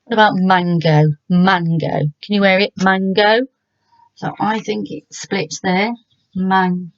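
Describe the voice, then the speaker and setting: A middle-aged woman with an English accent teaches children from home, patient and gentle as she sounds out words slowly. Her voice is mid-pitched and the recording is dry and somewhat dull. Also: dry recording. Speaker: primary school teacher. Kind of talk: remote lesson for children.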